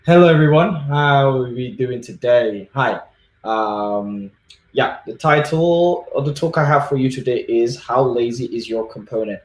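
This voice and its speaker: A man's voice: medium pitch, a little slow. Easygoing man from Nigeria, echoey room. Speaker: conference speaker. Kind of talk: relaxed tech talk.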